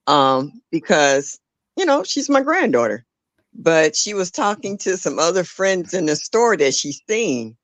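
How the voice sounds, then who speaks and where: A woman's voice: on the low side, fairly bright tone, dry recording. An older woman, a grandmother, telling an earnest story in a casual live audio chat, restarting her sentences now and then. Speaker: caller in a live audio discussion.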